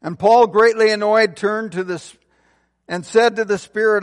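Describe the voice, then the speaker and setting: A pastor takes his sermon slowly in a creaky voice, earnestly pushing to emphatic peaks and then sinking to soft, low finishes. The sound has the spacious quality of a big room.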